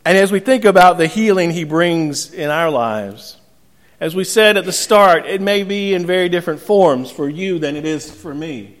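Male pastor, somewhat high voice, earnest sermon with light humor, long church reverb. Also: normal speed. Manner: earnest preaching with gentle storytelling humor. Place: church sanctuary.

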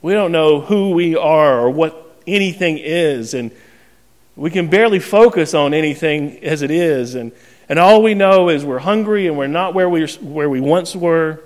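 Animated pastor telling a story in a reverberant hall. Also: male voice, fairly high pitch, normal speed. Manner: animated, self-mocking storyteller who acts out scenes. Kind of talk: storytelling sermon. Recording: long reverb of a large hall.

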